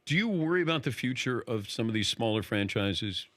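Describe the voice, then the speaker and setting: A man interviewing a guest in a casual chat, firing quick, probing questions and laughing easily. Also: medium pitch, lively intonation, a bit bright.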